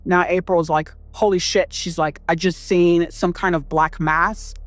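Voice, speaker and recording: A woman's voice: on the low side, fairly even intonation, a little slow, dry recording. Woman rambling through a scary story. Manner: rambling, restarts, swears, quotes herself. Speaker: guest storyteller. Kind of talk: first-hand telling of a scary story.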